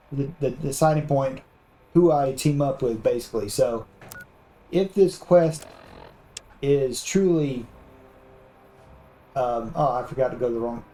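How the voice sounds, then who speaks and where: A man's voice: mid-range voice, dark tone, rough recording. A man giving rambling, casual commentary over his video game playthrough. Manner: rambling, many fillers and restarts. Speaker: gameplay commentator. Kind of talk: casual let's-play commentary.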